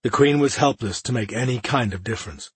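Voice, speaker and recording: A man narrating a fantasy audiobook in a steady, measured reading style. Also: medium pitch, slightly rough, no room sound.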